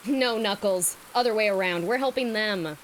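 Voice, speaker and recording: A woman's voice: mid-range voice, moderate pace, a little hiss or hum, close to an everyday voice. A woman voicing a cocky, passionate hero hedgehog in a fanfiction reading. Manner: eager, passionate.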